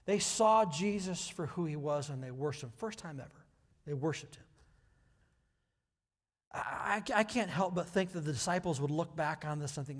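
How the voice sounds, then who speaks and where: Pastor, male, a sermon that moves from easy talk to forceful emphasis, slightly high voice, church reverb. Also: lively intonation, moderate pace. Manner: conversational preaching that builds to loud, emphatic passages. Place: church sanctuary. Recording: hall reverb.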